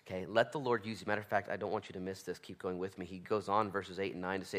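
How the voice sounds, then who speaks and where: A man's voice: fairly low pitch, lively intonation, fast talker, few pauses. A man in his thirties preaching a sermon, conversational and self-deprecating, driving points home by repeating them. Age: 30s. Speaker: pastor.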